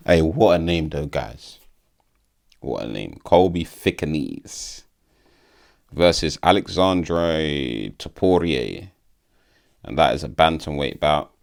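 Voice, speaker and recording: Low-voiced man, rambling and sweary. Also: vocal fry, darkish tone. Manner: rambling, swears freely, stumbles over names. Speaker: vlogger. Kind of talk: casual commentary.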